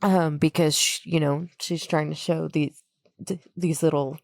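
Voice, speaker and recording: A woman's voice: deep voice, steady tone, measured pace, gravelly, a little mellow, no echo. A woman co-hosting a podcast, casually recapping a horror film, laughing often and playfully acting out lines. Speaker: podcast co-host.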